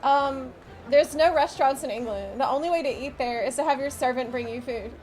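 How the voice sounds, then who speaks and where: A woman's voice: high-pitched, fairly quick, darkish tone. A woman streamer chatting casually with her viewers, rambling and often cutting herself off mid-sentence. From United States. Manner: chatty, rambling, self-interrupting.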